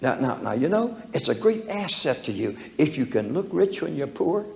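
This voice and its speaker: A man's voice: on the high side, very animated, moderate pace, gravelly, a little mellow. A man preaching a storytelling sermon, folksy and humorous, chuckling as he talks, recorded in an echoey church hall. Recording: echoey hall with faint room noise.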